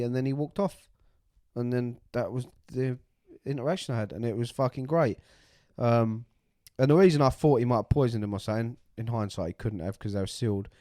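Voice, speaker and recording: A man's voice: medium pitch, warm tone, dry recording, studio quality. A man, hosting a podcast and telling a story casually, swearing freely and acting out the voices of the people he met. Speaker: podcast co-host.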